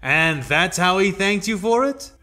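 A man voicing a gruff, sarcastic male soldier captain who grumbles. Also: on the high side, expressive, moderate pace, bright, forceful tone, faint music behind.

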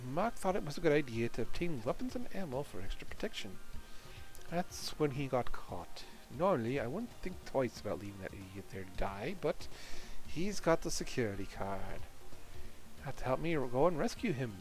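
Guy voicing a gruff annoyed teen boy, curt and blunt. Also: medium pitch, big pitch swings, moderate pace, faint music behind, lightly acted, rough recording.

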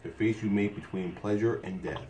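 A man's voice: lowish voice, steady tone, a little fast. A man hosting a reaction video, talking casually, laughing and blurting out disbelief. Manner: laughing, incredulous, blunt. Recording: echoey room, loud background noise.

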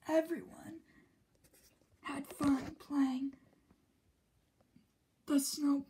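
A woman reading a children's picture book aloud, slipping often into a soft whisper between the characters' lines. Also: high-pitched, level tone, very slow, noisy background.

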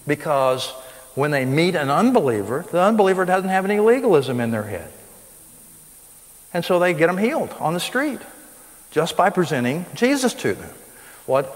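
A man's voice: on the high side, very animated, normal speed. A man preaching a sermon to a live audience, emphatic, with his voice rising sharply on the points he stresses. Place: school hall with live audience. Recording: long reverb of a large hall.

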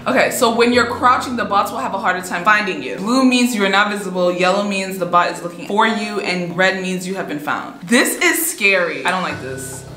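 A woman's voice: mid-range voice, fairly quick, hardly any pauses, a bit bright. A young woman streaming a horror game, jumpy and easily frightened, exclaiming, talking herself through it and laughing nervously. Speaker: gaming streamer. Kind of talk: frightened live gameplay commentary. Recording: roomy echo. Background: game music.

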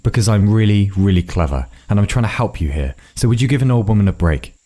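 A man voicing a gruff, hard-drinking old woman guide in a storybook reading, talking in a blunt, dry and weary way. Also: lowish voice, expressive, fast talker, warm tone. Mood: impatient.

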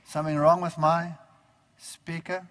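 High-voiced man preaching in echoing hall. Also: measured pace. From Germany. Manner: animated storytelling, acting out remembered dialogue. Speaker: preacher giving his testimony. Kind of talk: storytelling sermon testimony. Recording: long reverb of a large hall.

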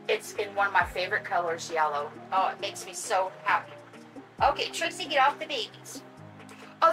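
Older woman, excitable unboxing vlogger, high voice, faint music under. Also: poor audio. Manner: gushing, excitable, talks to her audience and pets. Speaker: vlogger unboxing reborn dolls. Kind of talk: casual unboxing vlog.

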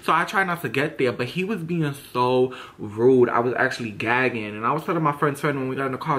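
A man's voice: on the high side, lively intonation, a little fast, a bit bright. Sassy young man ranting a storytime. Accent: New York. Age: young adult. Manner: sassy, dramatic, swearing freely. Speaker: vlogger. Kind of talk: storytime rant.

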